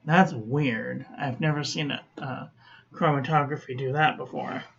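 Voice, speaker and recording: A woman calmly reviewing fountain pen ink in a chatty vlog, often correcting herself as she talks to her viewers. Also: very deep voice, a little slow, creaky, highs cut off. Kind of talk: unhurried product review.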